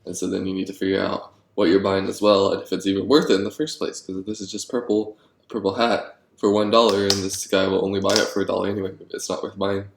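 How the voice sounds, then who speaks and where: A man designing board games and thinking aloud, rambling and getting excited about his ideas, with many ums. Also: low voice, fast talker, creaky, a little hiss or hum. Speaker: board game designer vlogger. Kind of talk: thinking aloud while brainstorming. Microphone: handheld camera. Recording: echoey room.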